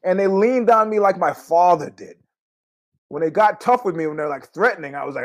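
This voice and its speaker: Male podcast host, loose rambling solo talk, salty language, a touch high-pitched. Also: fast talker. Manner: rambling, profane, animated asides. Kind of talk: casual monologue.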